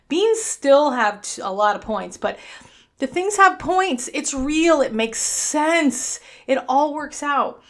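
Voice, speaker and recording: A woman's voice: high voice, expressive, unhurried, fairly bright tone. A woman with a New York accent hosting her own weight-loss podcast in a chatty, upbeat, blunt and self-mocking way. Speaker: podcast host.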